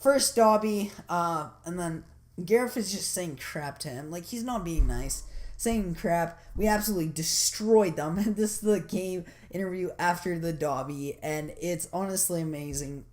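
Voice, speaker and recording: A woman giving loose, rambling commentary over a video game, excited and full of fillers. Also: fairly low pitch, normal speed. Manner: excited and enthusiastic. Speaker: gameplay commentator.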